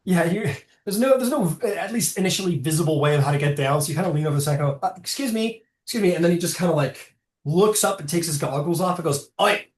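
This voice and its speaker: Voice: medium pitch, fast, echoey room. A game master narrating a tabletop game in a rambling way, full of fillers and self-corrections.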